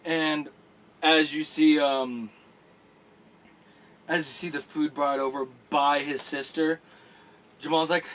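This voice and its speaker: A man narrating a tabletop game as dungeon master, in a halting, casual way with many fillers. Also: on the high side, fairly even intonation, a bit bright.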